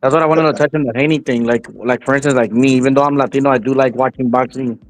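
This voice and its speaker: A man's voice: medium pitch, fairly even intonation, fast, no room sound, recorded from a distance, poor audio. A man in a casual boxing talk show, speaking candidly and profanely.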